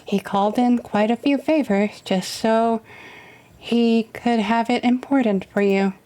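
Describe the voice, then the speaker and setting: A woman reading the lines of a calm male attorney in a game in her own slow, steady voice. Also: a little high, slight background noise. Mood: earnest.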